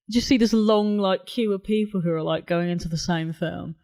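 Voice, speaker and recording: A young woman chats casually on a podcast. She talks at a medium pitch, laughs easily and leans on "like" while telling a story. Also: level tone, fairly quick, darkish tone. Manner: giggly, lots of "like" fillers. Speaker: podcast co-host. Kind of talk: casual chat.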